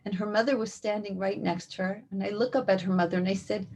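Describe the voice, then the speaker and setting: A woman, a rebbetzin and community educator, telling heartfelt stories in an interview, her voice climbing high when she quotes what she said. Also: quick pace, few pauses. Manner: heartfelt, animated storytelling, rises high when quoting. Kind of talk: interview storytelling.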